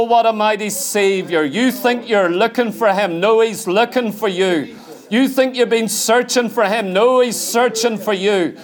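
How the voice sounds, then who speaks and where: A man preaching a sermon in a fervent, repetitive cadence, leading a congregation into worship. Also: high voice. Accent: Northern Irish.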